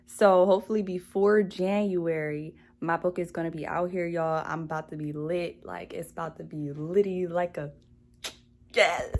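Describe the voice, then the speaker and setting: A woman's voice: fairly low pitch, fairly even intonation, normal speed, darkish tone. A young woman talking straight to camera about her new book, bubbly and laughing as she goes. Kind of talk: casual excited vlog to camera. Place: alone indoors at home. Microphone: camera mic.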